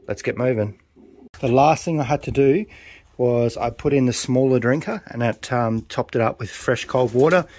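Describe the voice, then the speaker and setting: Excitable man cheering his birds home. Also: mid-range voice, no echo. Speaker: pigeon fancier vlogging his race day. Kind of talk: casual running commentary.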